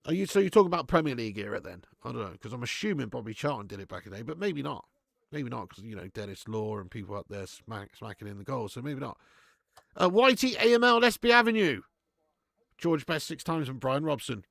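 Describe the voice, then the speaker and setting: A man's voice: mid-range voice, animated, fast talker, gravelly, a bit bright, dry recording, clean studio sound. A man hosting a live football watch-along, reading out viewer chat and ranting bluntly with plenty of swearing. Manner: reads out viewer chat messages.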